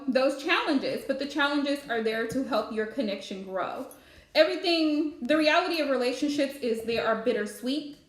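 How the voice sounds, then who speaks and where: A woman's voice: high-pitched, reverberant. A woman giving a live-streamed spiritual reading, chatty and advice-giving with lots of fillers. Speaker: psychic card reader.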